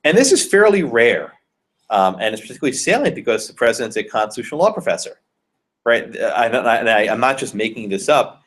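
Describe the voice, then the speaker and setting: A man's voice: mid-range voice, very animated, a little fast. A male law professor giving a conversational classroom lecture and questioning his students.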